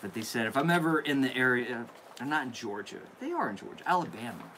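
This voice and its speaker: A man in a relaxed live-stream chat, effusive and thankful, with a voice of ordinary middle pitch. A faint hiss sits under his speech. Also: fast talker, poor audio. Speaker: candle channel host. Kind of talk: casual live-stream chat opening viewer mail.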